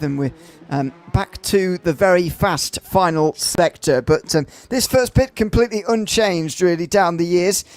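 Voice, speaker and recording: Higher-voiced man giving dry race commentary. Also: a little mellow, no echo. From Europe. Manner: hesitant, filler-heavy explanation with dry teasing humour. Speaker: sim racing commentator. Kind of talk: track-guide race commentary.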